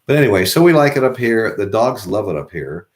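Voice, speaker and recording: A man's voice: on the low side, sing-song, a little fast. An American man, middle-aged, chatting casually to his viewers in a rambling way with many restarts. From United States. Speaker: vlogger. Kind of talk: casual chat to camera.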